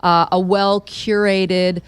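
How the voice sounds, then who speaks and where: A woman with a smooth, resonant voice chats easily on a radio show. She talks in a casual way, full of "like" and "um", and the studio sound is dry and close. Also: lowish voice, little pitch movement, slow pace, dry recording. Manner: chatty, many fillers like "like" and "um". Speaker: magazine editor guest.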